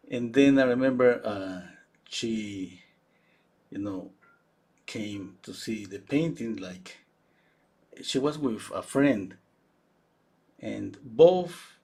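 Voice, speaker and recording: Brief: male painter, thirties, raspy and gravelly, loose storytelling. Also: medium pitch. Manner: rambling, fillers and restarts, chuckling. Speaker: painter teaching while painting. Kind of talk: casual storytelling during a live painting.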